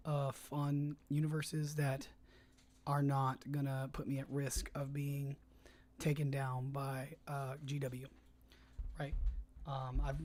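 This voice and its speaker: Flat-voiced streamer chatting while editing. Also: medium pitch. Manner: rambling, hesitant, many fillers and restarts. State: talking around a cough drop. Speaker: livestreamer and fan filmmaker. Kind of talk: casual livestream chat while editing. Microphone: desk microphone, tested on stream.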